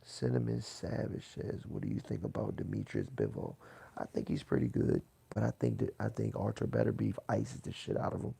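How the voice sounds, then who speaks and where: A man hosting a boxing livestream, reading chat comments aloud in a loose, swearing, casual way that turns loud when he gets riled. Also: lowish voice, big pitch swings, fairly quick, creaky, husky. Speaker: boxing channel host reading live chat.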